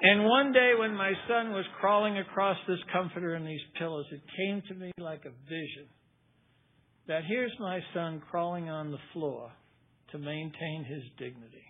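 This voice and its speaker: A man's voice: high voice, moderate pace, slight background noise. Older man telling his story over a tinny line. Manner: storytelling, folksy, acts out quoted voices. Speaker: recovery speaker. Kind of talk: personal testimony talk. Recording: tinny phone-like recording.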